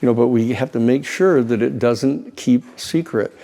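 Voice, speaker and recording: A man, a lawyer, telling stories in an animated, conversational way, often repeating words as he builds a point. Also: mid-range voice, normal speed, gravelly. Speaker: lawyer and institute president. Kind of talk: conversational storytelling.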